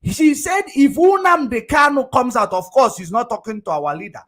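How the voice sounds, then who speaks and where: A man's voice: very high-pitched, big pitch swings, normal speed, fairly bright tone. A man with a Nigerian accent reacting to played clips, mocking and laughing, repeating himself for emphasis.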